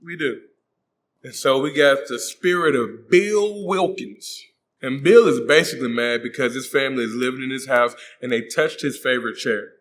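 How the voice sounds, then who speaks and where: A man's voice: mid-range voice, moderate pace, fairly bright tone. A man hosting a comedic movie recap, joking in slang and acting out the characters' voices. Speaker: host.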